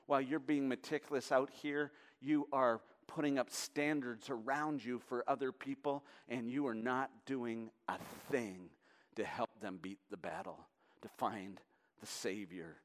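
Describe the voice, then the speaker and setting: Impassioned man preaching a sermon. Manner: impassioned, swings from hushed lows to loud emphatic peaks. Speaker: pastor.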